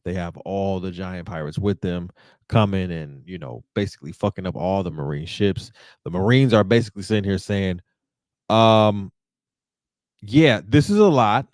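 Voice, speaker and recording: A man hosting a podcast, giving an animated, slangy recap of a manga chapter. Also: low-pitched, normal speed, no room sound, clean studio sound. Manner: animated, slangy, repeats "you feel what I'm saying". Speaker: podcast host.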